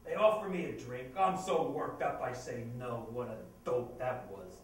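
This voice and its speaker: A man's voice: mid-range voice, moderate pace, close to an everyday voice. An actor playing a grieving New father, echoey. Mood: storytelling. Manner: chatty storyteller, nervous laughs. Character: middle-aged Italian-American man, grieving father. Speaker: actor performing a monologue. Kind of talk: stage monologue. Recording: echoey room, distant mic, noisy.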